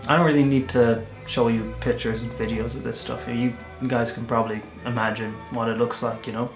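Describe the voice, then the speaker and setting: A man's voice: mid-range voice, fairly quick. Irish guy vlogging, chatty storyteller, echoey room with a bit of music behind. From Ireland. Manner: chatty, animated storyteller with self-corrections. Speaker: volunteer vlogger. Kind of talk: casual storytelling vlog.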